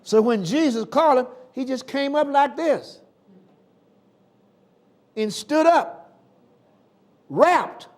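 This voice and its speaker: A man preaching a sermon in a folksy, dramatic way, moving from shouts to hushed tones. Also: extremely high pitch, lively intonation, slow pace, pauses often. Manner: folksy, colloquial.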